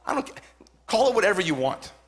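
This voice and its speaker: Male pastor in his forties, Southern Californian accent, high bright voice, fervent sermon delivery with repeated lines. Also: big pitch swings, a little fast. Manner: fervent, repetitive, rising to shouts.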